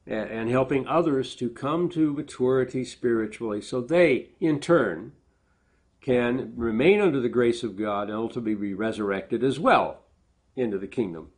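A man's voice: medium pitch, normal speed, slightly rough. A man preaching a sermon, reading scripture aloud with lifted emphasis and then explaining it in plain, conversational asides. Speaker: pastor.

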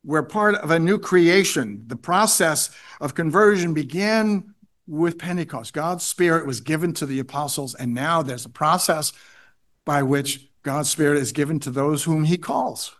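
A man's voice: fairly high pitch, lively intonation, a little slow, fairly bright tone. A man preaching a sermon, reading scripture aloud and repeating key phrases for emphasis. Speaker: pastor.

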